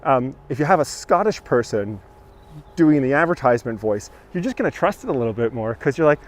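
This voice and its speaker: A man's voice: medium pitch, lively intonation, fairly quick, a little hiss or hum. A man hosting a live walking tour outdoors, chatting and joking while answering viewer comments. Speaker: tour guide host. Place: outdoors on a village street with passing trucks.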